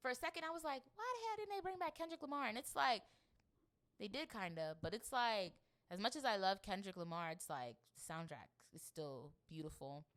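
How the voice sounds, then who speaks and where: A woman's voice: medium pitch, a little fast. A woman hosting a podcast, talking casually and rambling with lots of fillers. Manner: rambling, filler-heavy, animated. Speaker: podcast host. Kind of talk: casual chat.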